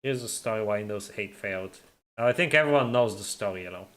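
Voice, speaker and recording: A man's voice: lowish voice, a little fast, a bit bright. A young man chatting casually on a live stream, reading viewer comments, teasing and laughing often, and tripping over and repeating his words.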